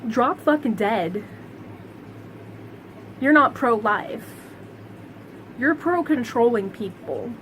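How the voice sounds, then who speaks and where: A woman's voice: fairly high pitch, expressive, slow pace, pauses often, a bit bright, a little hiss or hum, rough recording. A woman vlogger delivering a heated, sarcastic monologue to camera, swearing constantly. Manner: profane, heated, sarcastic ranting.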